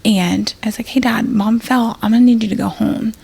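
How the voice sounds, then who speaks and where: Gravelly, husky woman telling a story. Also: on the high side, steady tone, a little fast, a little mellow. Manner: rambling, full of fillers and acted-out quotes. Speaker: podcast guest, emergency nurse. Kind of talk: casual storytelling.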